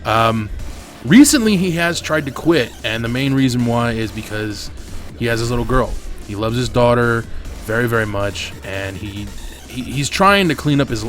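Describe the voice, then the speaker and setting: A man hosting a gaming channel, telling a long personal story over his gameplay in a candid, swearing, rambling way, on a desk mic at home. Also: mid-range voice.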